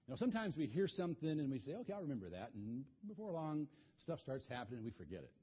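A man tells a children's Bible story in an animated, folksy way, often stumbling over and repeating words. His fairly high, breathy voice leaps around in pitch. The recording is dull and lo-fi. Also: fast talker.

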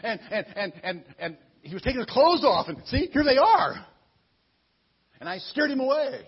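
A man's voice: very high-pitched, very animated, normal speed, husky, pitched above the performer's own voice, full character voice. A man voicing a scheming, melodramatic lady of the house in a breathless manner while telling a Bible story, in a muffled lo-fi recording.

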